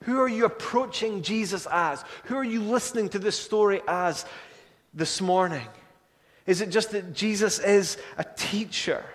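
Male pastor preaching, high voice, earnest, urgent then hushed, big reverby hall. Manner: earnest, rising to urgent pleading then dropping soft and low. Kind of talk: sermon.

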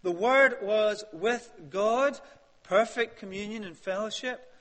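A man preaching a sermon, emphatic, rising to loud peaks and dropping to hushed questions. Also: sits high, slow pace. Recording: long hall reverb.

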